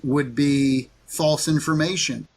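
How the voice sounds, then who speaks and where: A man's voice: on the high side, fairly even intonation, takes it slowly, a little mellow. A man answering interview questions in a rambling, defensive way with many fillers. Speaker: interview guest.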